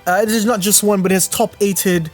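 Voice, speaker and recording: A swaggering bloke with a put-on British accent, as a streamer hams it up, boasting in a high, bright register. He stretches his words out with a cheeky "mate" tone. Faint music plays underneath. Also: fairly even intonation, a little fast. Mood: boastful. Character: cocky male bloke with mock British accent.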